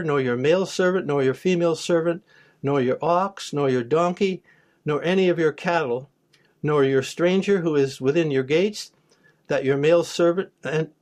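A man's voice: a little high, a little mellow. Man reading and explaining scripture. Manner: reads scripture aloud, then explains it plainly, with restarts. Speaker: preacher. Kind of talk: Bible study teaching.

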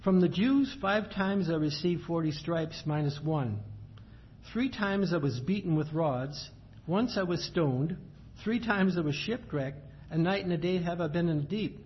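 This sermon comes from a man whose voice is somewhat high. He reads scripture at a measured pace, then unpacks it in everyday terms, and the lo-fi, dull recording carries a faint ambient hum.

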